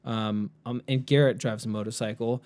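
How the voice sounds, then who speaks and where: A man's voice: medium pitch, fairly even intonation, moderate pace, a little mellow, clear, resonant tone. A man co-hosting a podcast in casual chat, laid-back, rambling and profane. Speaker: podcast co-host.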